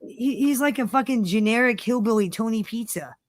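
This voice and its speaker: Profane, animated woman telling stories. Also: a little high, brisk, no echo, studio quality. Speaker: co-host. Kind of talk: casual chat.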